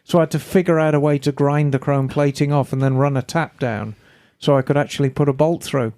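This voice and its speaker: A woman hosting a podcast, chatting casually and reading listener emails in a lively, storytelling way. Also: low-pitched, a little fast. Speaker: podcast host.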